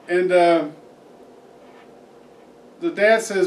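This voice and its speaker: A man's voice: high voice, fairly even intonation, slow pace, long pauses, a little mellow. A man telling a joke in a rambling, folksy way, full of fillers. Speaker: joke teller, host. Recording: echoey room, distant mic.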